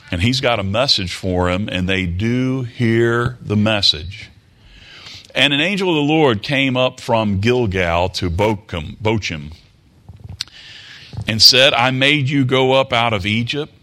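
A man's voice: fairly low pitch, measured pace, bright, forceful tone. A man preaching a sermon, reading scripture and explaining it in a folksy way, often tagging his points with rhetorical questions.

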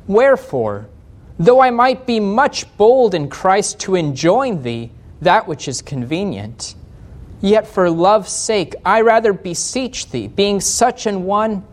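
An American man preaching a sermon as pastor, reading scripture aloud and slowing down to stress key points, with a gentle touch of humor. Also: high voice. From United States.

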